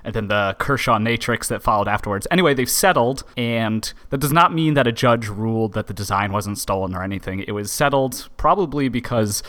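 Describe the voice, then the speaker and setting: A man's voice: on the low side, lively intonation, fairly quick, hardly any pauses, a bit bright. A man co-hosting a podcast, going through the news bluntly and swearing casually. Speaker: podcast co-host reading the news. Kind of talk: casual chat.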